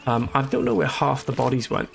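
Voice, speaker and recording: Streamer guy, gravelly voice, joking and rambling thru the game, bit of music behind. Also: medium pitch, very animated, fairly quick. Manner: joking, rambling, self-amused. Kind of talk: casual let's-play commentary.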